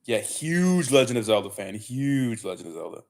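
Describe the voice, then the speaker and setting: A man's voice: medium pitch, sing-song, moderate pace. A young man casually chatting on a livestream, rambling and swearing with lots of fillers and "bro". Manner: loose, profane, rambling with many fillers and "bro". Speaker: livestream host. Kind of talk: casual livestream chat reading viewer comments.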